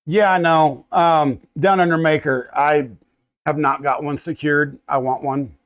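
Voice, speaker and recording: A fairly high-voiced American man in his thirties chats live to his viewers from a home workshop. He rambles, welcomes people by name and trips over his words as he goes. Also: steady tone, unhurried. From United States. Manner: rambling, greets chatters warmly by name, stumbles and restarts. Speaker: livestream host. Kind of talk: casual live chat with viewers.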